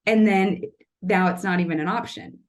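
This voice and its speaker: In a casual podcast interview, a middle-aged tree artist and storyteller from Kansas City, Missouri talks earnestly and with emotion. Her mid-range voice stays fairly even at a moderate pace, though she rambles and restarts her sentences.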